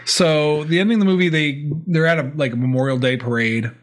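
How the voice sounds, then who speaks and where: A man's voice: on the high side, steady tone, brisk. A man from central Pennsylvania, co-hosting a podcast in casual chat, who recaps plot points and finishes the others' sentences. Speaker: podcast co-host.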